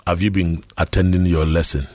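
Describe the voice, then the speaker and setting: Guy doing his stern strict dad, low grave voice, slow and dry. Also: little pitch movement, dry recording. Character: stern strict father questioning his son.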